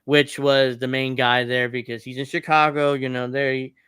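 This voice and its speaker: A man's voice: medium pitch, flat delivery, normal speed, fairly bright tone, clear, resonant tone, dry recording, studio quality. A man hosting a podcast, recapping wrestling events in casual chat and laughing often. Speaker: podcast host.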